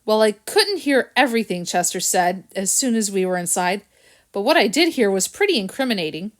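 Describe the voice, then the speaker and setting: A woman's voice: mid-range voice, lively intonation, brisk, natural voice. A woman voicing a clever, smug male cat detective who speaks in a dry, knowing way in a storybook. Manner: dry, knowing, smart-mouthed.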